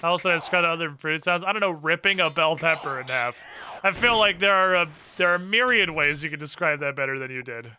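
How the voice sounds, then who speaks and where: A man's voice: on the high side, fairly quick, bright, forceful tone, a little hiss or hum. A man chatting casually and sardonically on a live game stream, muttering to himself between rants. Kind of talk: casual live-stream chat while gaming.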